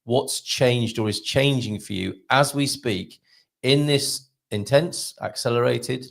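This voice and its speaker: A man's voice: medium pitch, slow, gravelly. A middle-aged man co-hosting a casual live-stream show, talking with frequent hesitations and restarts. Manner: hesitant, many fillers and restarts.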